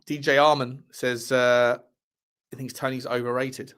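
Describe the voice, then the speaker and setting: In an unhurried, level delivery, a man with a medium-pitched voice that is a bit bright, clear and resonant hosts a football fan livestream. He reads transfer news articles casually, repeating his phrases and adding cheeky asides.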